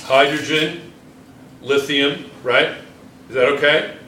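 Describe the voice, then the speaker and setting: A man's voice: on the high side, takes it slowly, sharp tone, distant mic. A man teaching a chemistry class at the board, repeating himself and checking in with students. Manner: repetitive, checks in often with students. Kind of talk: classroom lecture at a whiteboard. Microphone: camera in the room. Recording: echoey classroom with faint room noise.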